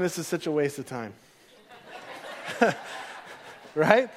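A man's voice: high voice, fairly bright tone. A man in his thirties preaching a sermon as a pastor, in a casual storytelling way that acts out the voices of his kids and God.

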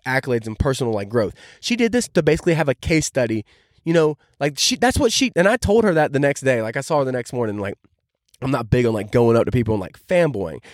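A man's voice: medium pitch, no echo, clean studio sound. A young man hosting a podcast, telling a story in a casual, enthusiastic way and filling his talk with "like". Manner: enthusiastic, heavy use of "like" fillers. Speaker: podcast host.

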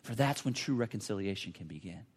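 A man preaching a sermon in an earnest, repetitive way, often restarting phrases and dropping to a hush for emphasis. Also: lowish voice, lively intonation, fast talker, breathy edge. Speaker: pastor.

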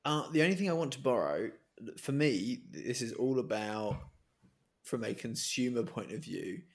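A man's voice: medium pitch, expressive, moderate pace. A man co-hosting a casual podcast chat over a remote call, often laughing and restarting. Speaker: podcast co-host. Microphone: remote call mic.

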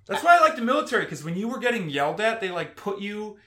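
A man talking casually on a podcast, deadpan, acting out quoted exchanges in stiff voices. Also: high-pitched, fast, reverberant, crowd noise. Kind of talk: casual chat.

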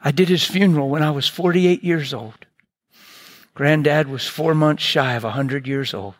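An older man preaching a sermon, telling family stories in an animated, playful way and acting out relatives' lines. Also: on the high side, normal speed. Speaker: pastor. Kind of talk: sermon storytelling.

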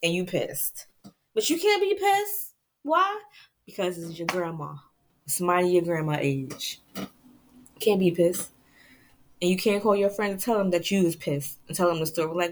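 A woman hosting her own podcast, venting to listeners in a casual, animated way and laughing often. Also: on the low side, moderate pace. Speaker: podcast host.

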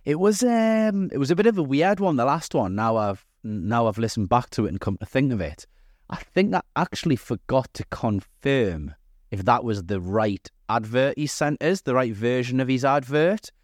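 Cocky podcast host. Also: male voice, medium pitch, moderate pace, no echo, clean studio sound. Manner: cocky, swearing, jokey. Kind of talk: comic podcast banter.

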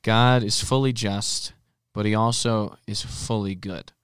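A man's voice: fairly low pitch, a little slow, clear, resonant tone, no echo, studio quality. A man co-hosting a podcast, talking about faith casually and acting out little scenes as he explains. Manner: animated storyteller acting out quotes. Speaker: podcast co-host.

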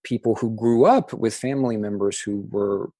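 A man from Louisiana speaks in a somewhat low voice, answering interview questions in a reflective, measured way. He often starts over mid-phrase as he works out his point. The recording is dry and close, with no room sound. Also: dark tone, dry recording. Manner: thoughtful, with frequent restarts and ums. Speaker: interview guest, French-language advocate.

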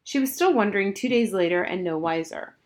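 A woman narrating a children's novel aloud in a clear, measured storytelling manner. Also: medium pitch, lively intonation. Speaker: audiobook reader.

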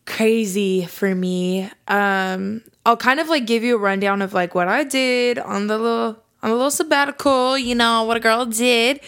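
A young woman hosting a faith podcast, bubbly and enthusiastic in casual chat, turning soft and earnest when she prays. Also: fairly high pitch. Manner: bubbly and enthusiastic, says y'all. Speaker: podcast host.

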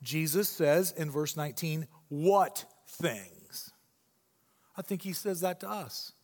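Animated high-voiced preacher. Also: male voice, moderate pace, long reverb tail. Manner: animated, joking, conversational. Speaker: pastor. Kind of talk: sermon. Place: church.

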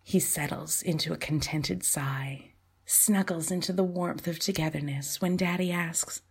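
A woman host reading her own short story aloud, softly and often in a near whisper, with a breathy voice. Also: deep voice, fairly even intonation, measured pace. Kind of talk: storybook narration.

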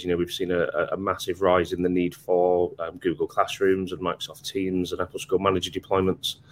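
A man's voice: low voice, darkish tone. A man, a guest, explaining his work over a video call in a hesitant way with many ums. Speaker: guest company representative.

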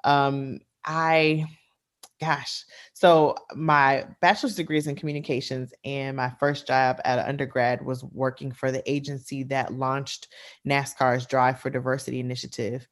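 Low-voiced woman, a bit out of breath. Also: flat delivery, unhurried. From Washington, D.C. area. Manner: candid, laughs often, zigzagging sentences with fillers. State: slightly out of breath, pregnant. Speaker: guest. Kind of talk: conversational interview.

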